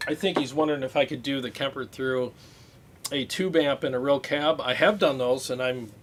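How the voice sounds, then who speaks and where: A man hosting a casual livestream, talking about guitar gear in a relaxed, rambling way with many fillers. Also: mid-range voice, moderate pace.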